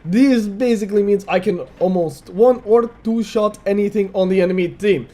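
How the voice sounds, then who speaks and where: A man's voice: high voice, normal speed, mellow. A man commentating his own video game match in a put-on mock Russian accent, playful and self-mocking, calling his viewers comrades. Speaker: gameplay commentator.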